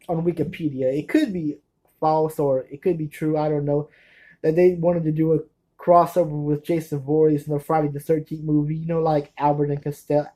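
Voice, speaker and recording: Brief: man host, mellow tone, rambling chat about his movie collection, keeps losing names and restarting. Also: on the high side, poor audio. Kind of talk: casual rambling talk to camera.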